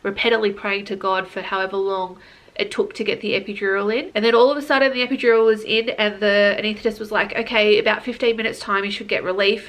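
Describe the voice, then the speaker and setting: A woman's voice: mid-range voice, fairly bright tone. Earnest young woman vlogger, rambling. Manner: earnest, rambling, many likes and restarts. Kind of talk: casual storytelling to camera.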